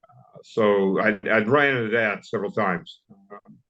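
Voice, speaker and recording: A man in his fifties with a Southern US accent, a guest telling stories in an interview, blunt and wry, halting with many fillers and restarts. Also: lowish voice, fairly bright tone. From southern United States. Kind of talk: casual interview storytelling. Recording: dull lo-fi audio.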